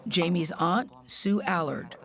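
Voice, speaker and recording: A woman correspondent reading scripted news narration in a measured, even way. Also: fairly low pitch.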